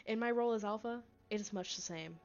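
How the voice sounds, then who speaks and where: A woman's voice: mid-range voice, quick pace, a little mellow, natural voice. Woman reading as a devoted werewolf alpha. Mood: solemn. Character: protective male werewolf alpha, solemn and devoted. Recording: slightly dull lo-fi audio, faint music.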